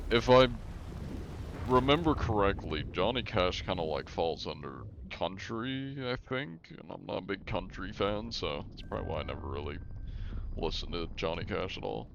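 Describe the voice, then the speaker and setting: Young male game streamer, low gravelly voice, laid-back chat-reading, faint background hum. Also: fairly bright tone. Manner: laid-back, reads chat aloud, laughs often. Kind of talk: casual live-stream chat.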